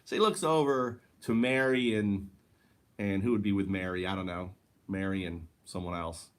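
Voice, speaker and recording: A man's voice: low voice, fairly even intonation, moderate pace. Rambling, profane man giving a casual talk. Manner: rambling, profane, self-correcting. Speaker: spiritual teacher. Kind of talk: casual spiritual monologue.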